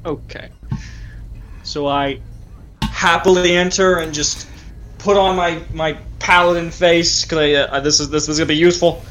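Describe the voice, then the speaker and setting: A man with a Southern US accent plays his paladin, pressing his point earnestly. His voice sits a bit high, with faint noise underneath. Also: fairly even intonation, normal speed, a bit bright. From Southern United States. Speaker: player. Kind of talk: in-character tabletop play.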